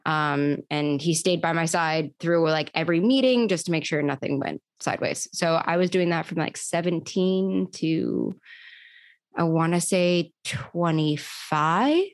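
A woman's voice: deep voice, measured pace, dry recording, clean studio sound. A young woman, telling her story in a chatty way full of fillers during an interview. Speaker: podcast host, guest. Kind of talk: casual interview chat.

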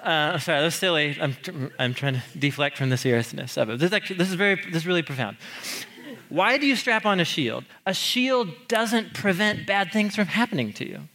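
With a fairly high voice and a brisk pace, this man teaches on the Psalms in an animated, talky style, underlining key ideas and sometimes laughing.

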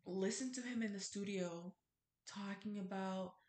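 A woman's voice: medium pitch, a little slow, a little mellow, roomy sound. A young woman hosting a casual solo podcast, rambling with lots of fillers and cursing freely. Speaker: podcast host.

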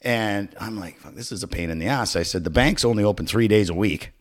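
Profane, animated middle-aged storyteller man. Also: lowish voice, fairly quick. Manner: profane, animated storyteller acting out voices and sounds. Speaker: podcast co-host. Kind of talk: casual storytelling chat.

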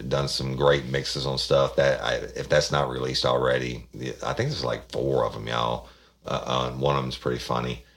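A man's voice: very deep voice, fairly bright tone. A man hosting a podcast, talking casually in a rambling, folksy way to his listeners. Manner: rambling, folksy, many restarts. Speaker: podcast host. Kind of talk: casual chat.

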